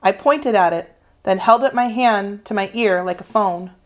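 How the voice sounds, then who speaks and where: A woman's voice: medium pitch, moderate pace. Woman reading a children's novel aloud. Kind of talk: children's read-aloud narration.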